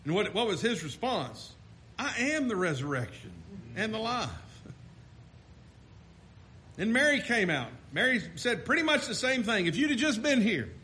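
A man's voice: high voice, sing-song, unhurried, pauses often, bright, forceful tone, a little hiss or hum. A man preaching a sermon, fervent and rising and falling, with frequent restarts.

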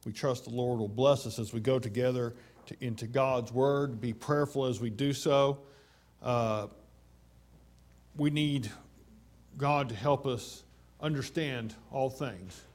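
A man preaching a sermon, slowing down to stress quoted scripture, with frequent "uh" fillers. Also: mid-range voice, a little mellow. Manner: measured and emphatic, slowing down on scripture; many fillers.

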